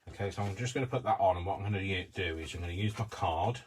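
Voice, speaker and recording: A man's voice: deep voice, very fast, background noise. A man hosting a live craft tutorial, talking casually through each step with rambling, self-mocking asides. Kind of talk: live-streamed craft demonstration.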